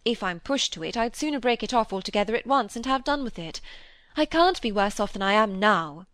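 A woman reading aloud, voicing a troubled, secretive young woman in an old novel who speaks quickly and emphatically. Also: on the high side, lively intonation, dry recording, lightly acted.

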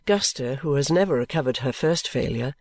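A man's voice: mid-range voice, lively intonation, brisk, a little mellow, dry recording. Male audiobook narrator, dry close sound. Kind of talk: scripted narration.

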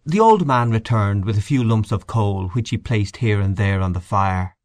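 A man narrating a short story as an audiobook, in a measured, expressive manner. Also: lowish voice, dry recording.

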